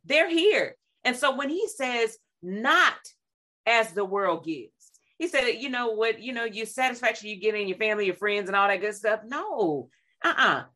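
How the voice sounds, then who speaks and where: A woman talks about faith in a lively, conversational preaching way. Her voice is bright and forward. She quotes scripture and acts out little scenes as she goes. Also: fairly high pitch. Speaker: co-host sharing devotional reflections.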